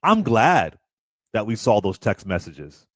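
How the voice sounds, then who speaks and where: Animated male talk radio host. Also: lowish voice, a little slow, no echo, clean studio sound. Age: under 60. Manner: emphatic, mocking quoted voices.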